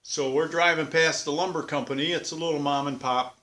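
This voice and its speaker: A man's voice: a little high, fairly even intonation, fairly quick, pushed and bright. A man hosting his own vlog, telling a story in a casual, plain-spoken, chatty way. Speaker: vlog host. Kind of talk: folksy storytelling.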